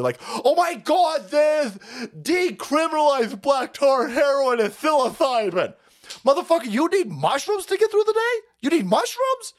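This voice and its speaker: A man with a high voice hosts a live stream. He rants in crude, heated bursts, and his pitch jumps wildly between low mutters and high yelps. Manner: crude, heated, swinging into loud outbursts and laughter. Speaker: show host. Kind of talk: profane live-stream political rant.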